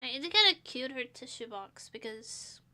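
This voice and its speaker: High, bright, nasal young woman streamer. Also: lively intonation, normal speed. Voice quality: nasal, sniffly. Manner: rambling, self-deprecating, laughs often. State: stuffy nose. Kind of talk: casual chat.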